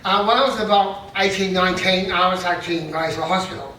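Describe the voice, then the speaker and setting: A man's voice: high voice, fast, pushed and bright, recorded from a distance, a little hiss or hum. A middle-aged man doing self-deprecating stand-up comedy, with punchy joke delivery and laughing at his own jokes. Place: festival stage. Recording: echoey hall, mic heard from afar.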